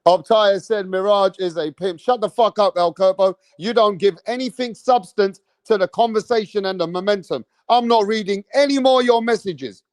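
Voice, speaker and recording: A young British man hosting a boxing live stream, talking in slangy, animated bursts straight to his chat. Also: sits high, moderate pace, no echo. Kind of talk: casual live-stream commentary.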